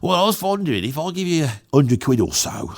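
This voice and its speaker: A man's voice: a little high, big pitch swings, fairly quick, a little mellow. A man doing a Cockney accent, voicing a chummy, salesman-like bloke who haggles for a cheap painting. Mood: wheedling.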